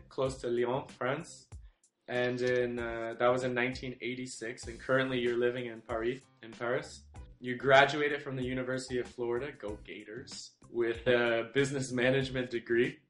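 A man hosting an athlete interview podcast, introducing his guest in an upbeat, energetic way. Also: mid-range voice. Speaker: podcast host. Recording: roomy echo.

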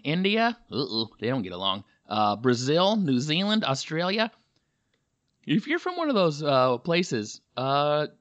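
This podcast host is a man whose voice sits on the low side with a fairly bright tone, heard through dull audio. Slightly dehydrated, he rambles through a jokey, filler-heavy comedy monologue recorded in a hotel room where a heater is running.

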